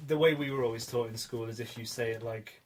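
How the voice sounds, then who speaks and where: A man's voice: medium pitch, fairly even intonation, fast talker. A man co-hosting a casual podcast, joking and mocking himself, with some swearing. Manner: jokey, self-mocking, swears. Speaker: podcast co-host. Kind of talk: casual chat. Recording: faint background noise.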